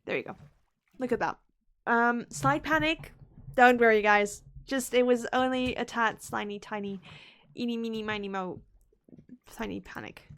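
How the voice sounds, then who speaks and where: A woman's voice: on the high side, moderate pace, fairly bright tone, clear, resonant tone. A woman streaming a game, talking to herself in a playful, chatty way, often repeating words and dropping into whispered asides. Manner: playful, chatty self-talk while playing. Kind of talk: live gameplay commentary.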